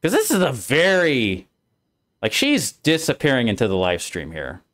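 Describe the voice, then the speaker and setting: Brief: male streamer host, casual and animated, mid-pitched, acts out lines as he explains. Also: moderate pace. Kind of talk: casual game discussion.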